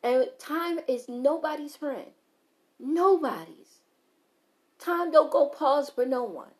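A woman speaks in a somewhat high voice. She gives an unscripted motivational talk to her viewers. She is blunt and emphatic, repeats her points for weight and swears without holding back. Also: animated, slow pace.

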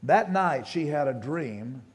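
A pastor giving a sermon, telling a story with plenty of quoted dialogue and halting restarts, his voice rising and dropping. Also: on the high side, animated.

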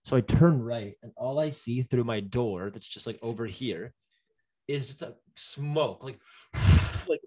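A man's voice: medium pitch, unhurried, warm tone. Young man rambling through a story. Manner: rambling, many fillers and restarts. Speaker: guest telling a story. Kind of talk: casual chat.

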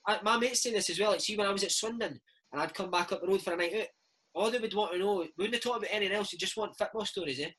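A Scottish man in his thirties, a former footballer and podcast host, telling stories in a chatty, animated way full of slang. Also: high voice, rapid-fire, husky. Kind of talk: casual chat.

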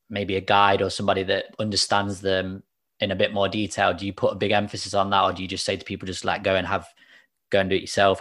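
Flat-voiced man asking questions. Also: low-pitched. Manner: halting, repeats words while framing questions. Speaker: podcast host. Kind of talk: casual interview questions.

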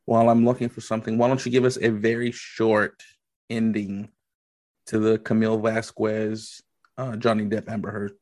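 A man in his thirties co-hosting a podcast, talking casually and laid-back, with quick bits of mimicry. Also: lowish voice, level tone, a little mellow, no room sound. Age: 30s. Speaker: podcast co-host. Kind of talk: casual chat.

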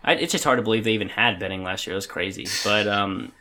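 Young guy cohosting a podcast, bright voice, rambles and restarts a lot. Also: lowish voice, fast talker. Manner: rambling, hesitant, many restarts. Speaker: podcast co-host. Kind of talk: casual chat.

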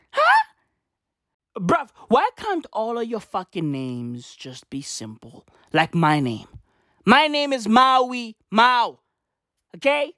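A woman from South Africa doing a profane comedic rant, swearing constantly, full of slang and tangents, with sudden loud outbursts. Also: a little high, no room sound, studio quality. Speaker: comedic monologue host.

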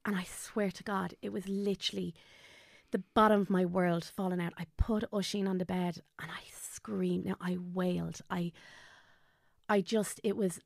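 Irish woman, 30s, podcast guest, candid storyteller; gravelly, dry close mic. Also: lowish voice, fairly even intonation, normal speed, no room sound. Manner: candid, tells it with quoted dialogue. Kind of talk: emotional personal storytelling.

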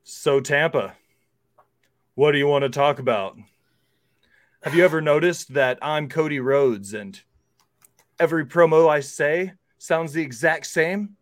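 A man doing a deadpan wrestler promo parody. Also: on the high side, a little slow, pauses often, natural voice. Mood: mock serious. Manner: mock-earnest, flat, self-parodying delivery. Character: serious wrestler cutting a same-sounding promo.

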